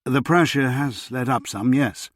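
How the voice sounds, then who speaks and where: A man's voice: mid-range voice, measured pace, no room sound, clean studio sound, lightly acted. A man voicing a tired, dutiful doctor who answers curtly. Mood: weary. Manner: weary, curt. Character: tired dutiful male doctor, middle-aged.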